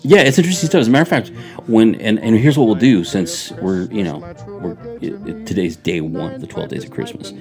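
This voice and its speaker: A man with a low, gravelly voice co-hosts a morning faith show in a church radio studio. His talk is upbeat and chatty. A music bed runs clearly beneath him. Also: fairly quick. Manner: upbeat, chatty, reads passages aloud. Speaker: podcast co-host. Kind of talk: casual radio chat.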